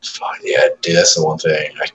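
A man's voice: very deep voice, completely flat delivery, moderate pace, noisy background. A man in his thirties on casual chat, telling profane stories about his toddler and acting out her lines.

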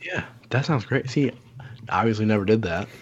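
A man's voice: fairly low pitch, fairly quick, muffled recording. A man chatting casually as a podcast co-host, swearing freely and wandering from one tangent to the next. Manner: profane, animated, digressive. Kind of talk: casual chat.

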